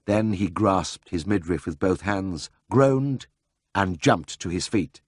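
Husky-voiced man narrating a memoir. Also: low-pitched, slow pace, no room sound, studio quality. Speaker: audiobook narrator. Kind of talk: first-person memoir narration.

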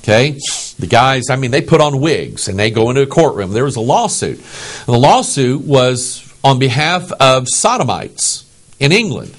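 A man's voice: medium pitch, moderate pace. A pastor from the United States preaching a sermon in an emphatic way, often checking in with his listeners. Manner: animated, emphatic, asks the audience "okay?".

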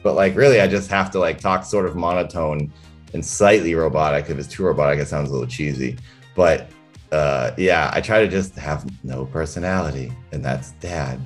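A man's voice: very deep voice, moderate pace, faint music behind. A man talking as a guest in a casual interview, reflective and thinking aloud about his work. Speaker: interview guest, comedian and character performer.

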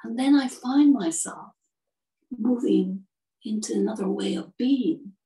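A woman voicing a sorrowful male prince statue, speaking softly and gently, heard from a distance. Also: a little high, measured pace. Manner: soft, hushed and sorrowful. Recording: distant from the mic.

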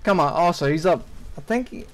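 Animated young male gamer, lively high voice. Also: a little fast, low-quality recording. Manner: frustrated ranting with heavy swearing. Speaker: gaming YouTuber. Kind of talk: gameplay commentary.

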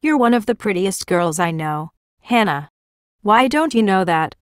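A woman reading a teenage boy's lines in a storybook, calm and a little hesitant. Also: mid-range voice, unhurried, clean tone, no echo, studio quality. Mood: earnest. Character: teenage boy, gentle and earnest.

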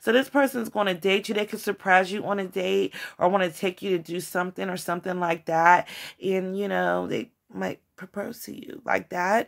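A woman giving a casual tarot reading, emotional and excitable, with slangy chat. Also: mid-range voice, vocal fry. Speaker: tarot reader.

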